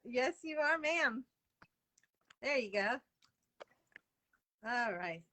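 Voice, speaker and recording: A woman's voice: fairly high pitch, expressive, drawn-out words, bright, forceful tone. A woman hosting a live video interview, chatting casually and greeting viewers by name. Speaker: livestream interview host. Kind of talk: casual live-stream chat. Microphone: video call.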